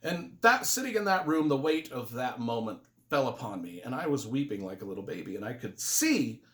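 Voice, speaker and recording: A man's voice: mid-range voice, big pitch swings, brisk, a bit bright. A man giving a casual spoken book review, earnest and emotional, rambling with restarts. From United States.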